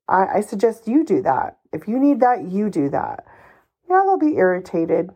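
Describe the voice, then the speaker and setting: Woman doing a solo podcast, slow and deliberate, pumped-up pep talk vibe, kinda ranty, swears a bit. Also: mid-range voice, sing-song, dark tone. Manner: emphatic, encouraging, a bit ranty, swears casually. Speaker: podcast host. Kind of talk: solo podcast advice monologue.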